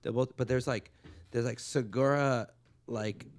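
A man's voice: mid-range voice, steady tone, measured pace. A comedian from Los Angeles hosting a podcast, a man rambling through casual stories in a profane way.

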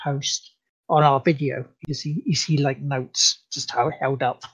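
A man's voice: medium pitch, flat delivery, unhurried, slightly rough, no echo. A man from the UK co-hosting a gaming stream show, making wry jokes in casual chat. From United Kingdom. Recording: dull lo-fi mic sound.

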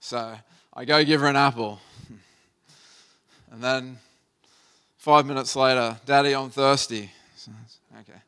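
A man in his thirties preaches in a relaxed, storytelling manner, his voice smooth and resonant. He sits at a mid pitch and speaks earnestly, as if chatting with his congregation. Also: unhurried, pauses often. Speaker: pastor. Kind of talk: sermon with a personal story.

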